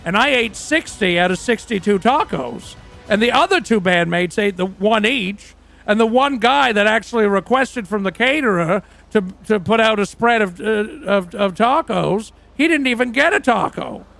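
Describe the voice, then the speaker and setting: A man's voice: high voice, animated, normal speed, gravelly, a bit bright, no echo, faint music behind, heavily acted. A man playing a crude, boastful aging rock singer who tells rambling, profane stories in a role-play livestream.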